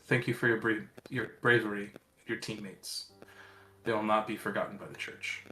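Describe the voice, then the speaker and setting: A man's voice: fairly low pitch, flat delivery, bright, forceful tone, poor audio. Man playing a solemn church vicar. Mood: formal. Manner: formal, measured.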